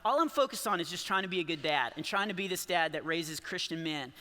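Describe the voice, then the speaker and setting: A man's voice: on the high side, expressive, fast talker, pushed and bright. A man in his forties doing rambling, self-deprecating stand-up comedy in a church, often laughing at his own jokes. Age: 40s. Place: large church hall with a live audience. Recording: long hall reverb.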